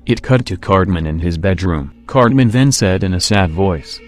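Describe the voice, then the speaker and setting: A man narrating a creepypasta horror story in a plain, steady storytelling manner. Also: low-pitched, moderate pace, hardly any pauses, faint music behind. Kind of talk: creepypasta reading.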